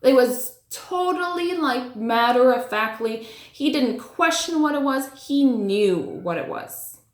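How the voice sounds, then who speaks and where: Her voice sits high and moves slowly as this woman, a storyteller of personal spiritual experiences, chats through a story in an echoey room. Filler words like "like" and "you know" abound, and she animatedly acts out how she reacted.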